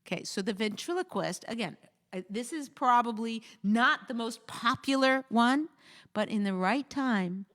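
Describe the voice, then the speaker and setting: A woman hosting a talk show, giving casual marriage advice in an animated way and acting out quoted voices. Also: fairly high pitch, measured pace. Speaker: host.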